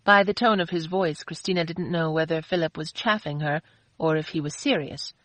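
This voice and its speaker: A woman narrating an audiobook in a steady, even storytelling manner, close to the mic. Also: low-pitched, normal speed, no room sound. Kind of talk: scripted narration.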